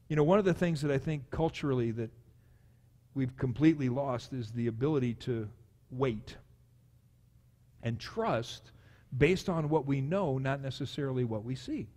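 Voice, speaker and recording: Guy pastor preaching, animated, voice jumps around when he acts stuff out, big echoey hall. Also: mid-range voice, normal speed, pauses often. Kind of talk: sermon. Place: church sanctuary. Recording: long church hall reverb.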